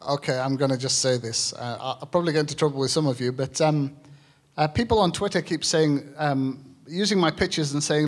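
Earnest halting man from England. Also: a little high. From Lake District, England. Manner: halting, earnest, emotional storytelling with many fillers. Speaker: author and shepherd guest speaker. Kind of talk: public talk with reading and Q&A. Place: stage at a live festival event.

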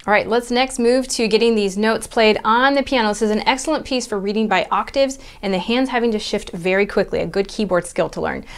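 A woman's voice: medium pitch, brisk, hardly any pauses. A woman piano teacher explaining rhythm and theory step by step, patient and methodical, counting beats aloud at the piano. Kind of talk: step-by-step music lesson.

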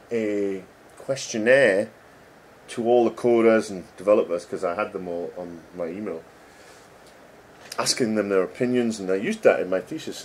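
A man's voice: on the low side, a little hiss or hum. A middle-aged man, a game developer chatting casually and joking as he reads code names aloud. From England. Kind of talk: casual commentary while reading code.

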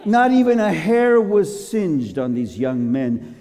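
Man, preacher, high lively voice, slow delivery, dramatic storytelling, long hall reverb. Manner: acts out characters, laughs, shouts at climaxes.

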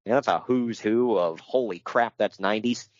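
A man's voice: fairly low pitch, moderate pace, muffled recording. Wry man reading notes on a podcast. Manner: wry, laughs often, reads notes then riffs. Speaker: podcast co-host. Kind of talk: casual podcast chat.

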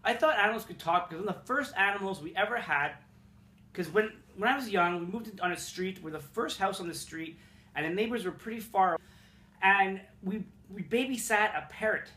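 A young man from Montreal, Canada tells funny childhood stories in a casual vlog, profane, rambling and self-mocking. His sharp-toned voice sits high and moves briskly, echoing around the room in his apartment.

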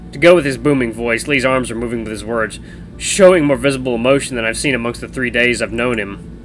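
A man streaming a game, reading the narration of a visual novel aloud in an animated way. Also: mid-range voice, brisk, a little hiss or hum, poor audio. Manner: animated reading with changing voices.

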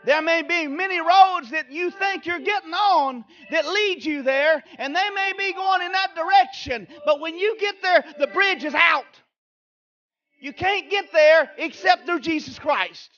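Man, pastor, very high voice, slow deliberate delivery, fervent preaching, shouted bursts, church sanctuary. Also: highs cut off. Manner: fervent preaching, swinging from quiet asides to shouted exclamations. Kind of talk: Easter sermon.

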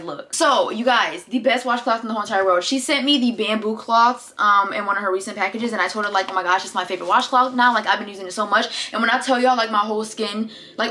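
A woman's voice: mid-range voice, fairly bright tone, slight background noise. A young woman vlogging from her bedroom, gushing and exclaiming as she unboxes products, with lots of "like" and "dude". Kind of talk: excited casual unboxing chat. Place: bedroom by a window.

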